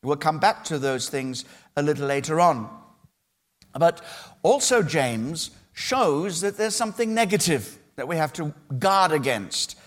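Delivering a sermon to his flock, a male pastor speaks in a voice pitched a bit higher than most men's. He's animated, earnest and emphatic, pressing on key phrases and separating them with measured pauses.

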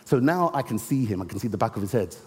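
A man preaching a sermon, telling a story and slowing down to stress key words. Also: on the low side, expressive. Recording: long reverb of a large hall.

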